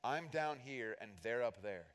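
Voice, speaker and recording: A middle-aged man preaching a sermon as pastor, animated and self-deprecating, acting out little voices to make his points. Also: mid-range voice, a little slow. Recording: long hall reverb.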